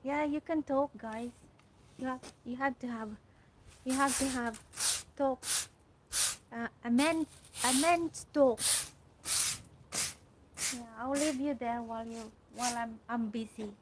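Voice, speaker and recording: Woman host, slow halting outdoor livestream chat, somewhat high voice, faint outdoor ambience. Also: fairly even intonation, noisy background. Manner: chatty, halting, restarts often while reading comments aloud. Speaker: livestream host reading viewer comments. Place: garden outdoors.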